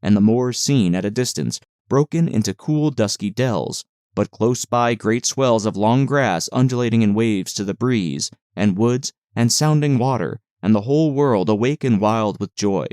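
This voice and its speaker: A man narrating a classic novel as an audiobook, in a measured, expressive reading. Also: on the low side, clear, resonant tone, no room sound, clean studio sound.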